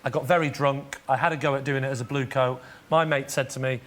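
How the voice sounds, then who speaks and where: Male guest, bright crisp voice, steady comic storytelling. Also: mid-range voice, quick pace. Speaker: chat show guest. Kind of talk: comic anecdote.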